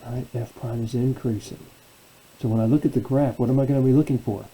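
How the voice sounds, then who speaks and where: A man's voice: mid-range voice, steady tone, fast talker, warm tone, husky, low-quality recording. A man teaching a calculus lesson as a professor, asking questions and answering them himself. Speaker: math professor. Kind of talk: calculus lecture.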